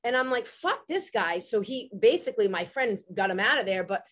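Animated, cursing woman in her forties. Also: medium pitch, fairly quick. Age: 40s. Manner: animated, profane, heavy use of "like" fillers. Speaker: podcast host. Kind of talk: casual storytelling chat.

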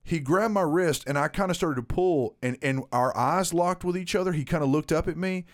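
A man telling a story in a casual podcast chat, animated and swearing, acting out what people said. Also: a little high, normal speed. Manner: animated, swearing, acts out quotes. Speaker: podcast co-host.

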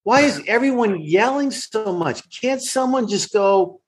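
A man's voice: sits high, lively intonation, measured pace, a little hiss or hum. A man who is a guest actor, telling stories from set over a remote call with weak wifi, emphatic and swearing freely. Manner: emphatic, profane storytelling.

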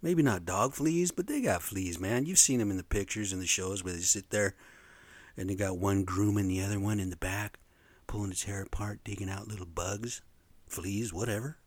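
A man's voice: lowish voice, moderate pace, dry recording. A man in his fifties telling personal stories casually, rambling and profane, often tacking "man" onto his sentences. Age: 50s. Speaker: storyteller.

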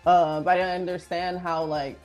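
A woman guest in a casual interview, with a slightly low voice. She speaks easily and unhurriedly, scattering fillers through her answers, while faint music plays underneath. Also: level tone, moderate pace, darkish tone. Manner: easygoing, many "like" fillers. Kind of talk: casual chat.

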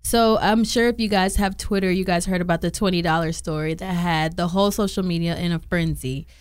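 A woman with a lowish, smooth and clear voice hosts a relaxed group discussion. She reads a text exchange aloud to her friends in a dry, close-sounding room. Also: brisk, no room sound. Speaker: podcast host.

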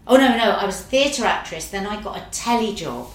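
A woman's voice: mid-range voice, brisk. Brief: woman, middle-aged, chatty anecdotal guest, room echo. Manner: lively, animated, swears casually. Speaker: actress guest. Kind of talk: casual anecdotal storytelling. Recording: roomy echo.

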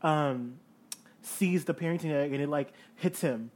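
A woman at a tabletop game jokes around, playful and quick with a comeback. Her voice is mid-pitched. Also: a little mellow. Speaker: player. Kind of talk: casual tabletop game play.

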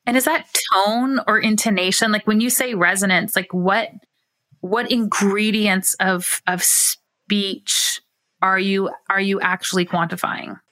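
Bright-voiced woman host asking curious questions. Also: mid-range voice, fairly even intonation, a little slow, dry recording. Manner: curious, rambling questions with many fillers. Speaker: podcast host and clinician. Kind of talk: conversational interview.

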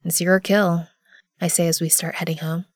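A woman narrating an audio drama in the first person, measured and often hushed. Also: on the low side, little pitch movement, no room sound, clean studio sound. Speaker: narrator and lead character.

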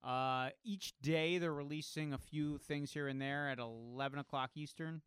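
A man's voice: on the high side, steady tone, moderate pace, a bit bright, clear, resonant tone, no room sound, studio quality. A man co-hosting a podcast in casual chat, riffing on jokes and swearing freely. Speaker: podcast co-host.

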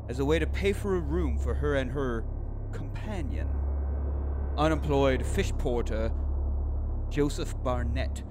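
A man co-hosting a podcast, reading a true-crime script in a measured, deliberate way. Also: medium pitch, noisy background. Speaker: podcast co-host.

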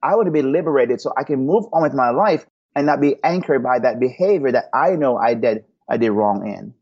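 A man's voice: medium pitch, expressive, fairly quick, breathy edge, dull audio. A man answering podcast interview questions, telling personal stories in an earnest, preacherly way. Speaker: guest.

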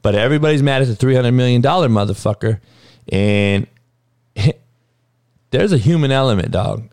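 A man rants about sports on his own show, swearing freely and wandering from point to point. His pitch swings widely as he gets worked up. The sound is dry and close, with no room echo. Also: darkish tone. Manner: profane, heated, rambling, calls listeners dog. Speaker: podcast host. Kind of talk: casual sports rant.

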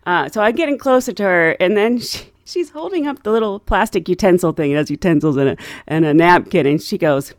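A woman telling a story about her work as a flight attendant in a casual way, laughing often and acting out passengers in loud, high voices. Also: lively intonation, a little fast, no room sound, studio quality.

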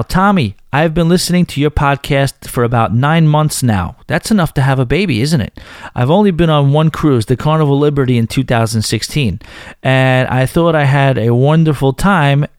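A man's voice: mid-range voice, clean tone, no echo, clean studio sound. A man with a Northern New York accent hosting a podcast, chatting casually and reading listener emails with frequent asides. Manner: chatty, self-deprecating, interrupts emails with asides. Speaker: podcast host.

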